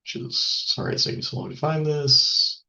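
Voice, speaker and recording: A man teaching a software lesson over a screen recording, thinking aloud with ums and small self-corrections. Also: on the high side, normal speed, creaky, muffled recording. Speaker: instructor.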